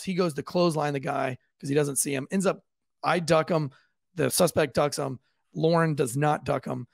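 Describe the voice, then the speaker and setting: A man, a police officer, casually telling a profane, lively story on a podcast and acting out the voices of the people in it. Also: on the high side, vocal fry, dry recording.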